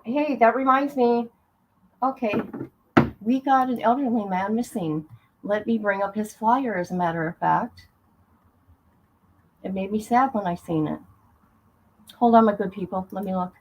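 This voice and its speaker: A woman's voice: mid-range voice, dull audio. A woman hosting a casual livestream, chatting loosely and greeting her viewers by name as she talks. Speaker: livestream host.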